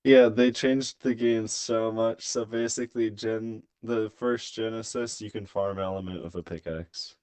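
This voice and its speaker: A man's voice: fairly low pitch, steady tone, unhurried, few pauses, a little mellow. A young adult man chatting casually about a game, rambling and swearing with lots of fillers. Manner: profane, rambling, filler-heavy. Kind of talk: casual gaming chat.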